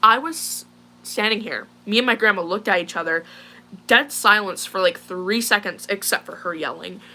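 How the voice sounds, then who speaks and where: A woman's voice: mid-range voice, normal speed, pushed and bright. A teenage girl casually recounting a distressing incident to viewers, rambling with many fillers and sounding shaken. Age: teens. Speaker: vlogger telling a personal story. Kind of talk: casual storytelling to a live audience.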